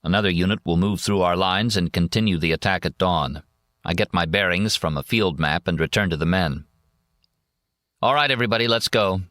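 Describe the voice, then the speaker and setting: Lower-voiced man narrating a war memoir. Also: fairly even intonation, fairly bright tone, dry recording, clean studio sound. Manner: measured, plain reading. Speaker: audiobook narrator. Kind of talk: first-person memoir narration.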